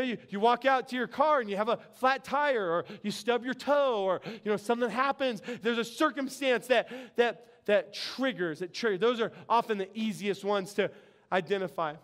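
An excitable pastor preaching with a lively, animated delivery and frequent laughter. His voice sits high for a man and rings smooth and clear. He speaks to his listeners in a warm, practical way. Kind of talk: sermon.

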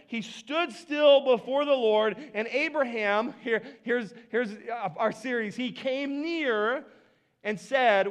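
A man preaching a sermon in a conversational way, acting out the scripture dialogue with playful asides. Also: very high voice. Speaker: pastor.

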